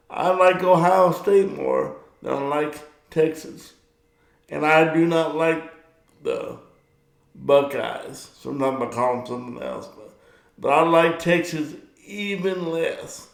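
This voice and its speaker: A middle-aged man hosts his own casual monologue, rambling from one thing to the next and getting heated about sports. His voice has a gravelly edge and sits a little high for a man. The sound carries a noticeable room echo. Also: slow pace, a bit bright. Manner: chatty, rambling, gets worked up about sports. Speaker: vlog host.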